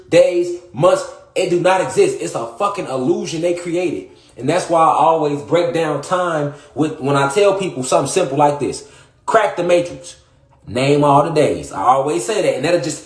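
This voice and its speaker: High-voiced man ranting in an echoey room. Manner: preachy, repetitive, profane, rising to shouts. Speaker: comedic conspiracy monologue performer. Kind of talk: rambling comedic monologue.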